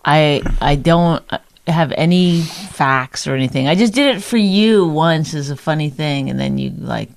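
Teasing low-voiced woman co-host. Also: a little slow, gravelly. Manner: teasing, defensive. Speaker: podcast co-host. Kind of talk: casual bickering chat.

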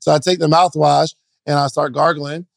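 A young man on a podcast telling a relaxed, slangy story in casual chat. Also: on the high side, moderate pace, creaky, no echo.

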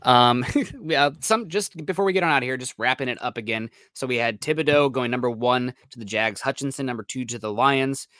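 A man's voice: medium pitch, brisk, hardly any pauses, fairly bright tone, no echo, clean studio sound. A man co-hosting a casual sports podcast, talking in a rambling, upbeat way with plenty of fillers. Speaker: podcast co-host.

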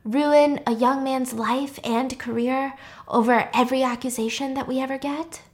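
Soft-spoken self-justifying female dean, as a woman reads her out in a movie recap, evasive, a little high-pitched. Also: steady tone, normal speed, close to an everyday voice. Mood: defensive. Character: defensive middle-aged female college dean.

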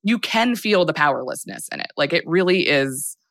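Casual podcast host, young woman, low and dry, rambles through a film recap with lots of fillers. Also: lively intonation, moderate pace, fairly bright tone, no echo.

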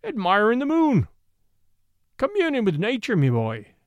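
A man's voice: high voice, wildly swooping pitch, measured pace, no echo, pitched above the performer's own voice, heavily acted. A man voicing a defiant, reckless Irish army officer with a thick Irish brogue.

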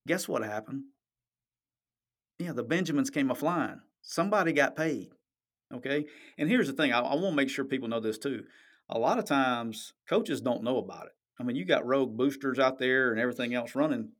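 A man's voice: medium pitch, lively intonation, brisk, a bit bright. A man hosting a podcast, talking sports in a blunt, emphatic, profane way and often checking "okay?". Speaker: podcast host. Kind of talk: casual sports talk.

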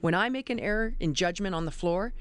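A middle-aged woman, a college basketball referee, telling lively stories in an interview. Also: on the low side, a little fast, clear, resonant tone. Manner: animated, emphatic storyteller. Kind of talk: interview storytelling.

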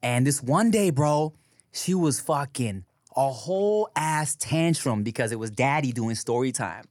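A man in casual podcast chat. His pitch swings widely as he tells animated stories full of swearing and laughter. The recording is dry and close. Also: unhurried, no echo. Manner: animated storyteller, swears freely, laughs often. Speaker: podcast co-host.

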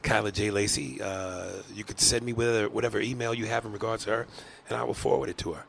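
A man's voice: on the low side, steady tone, quick pace, creaky, fairly bright tone, a little hiss or hum. A man hosting a comedy podcast, wrapping up in loose, joking banter. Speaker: podcast host. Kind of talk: casual comedy podcast chat.

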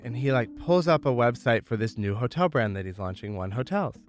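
A Michigan man appears as an entrepreneur guest, casually telling his founder story in a candid, chatty way and saying "like" a lot. His medium-pitched voice is animated and quick, with few pauses, over soft background music.

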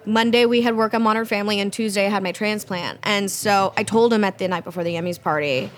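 At a restaurant, a young woman dining as a guest chats casually at a quick pace in a mid-range voice. She tells a story with animation, acting out what other people said.

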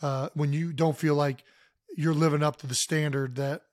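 Animated joking man, fairly high voice. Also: moderate pace, dry recording, clean studio sound. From Ohio, US. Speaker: podcast co-host. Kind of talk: casual chat.

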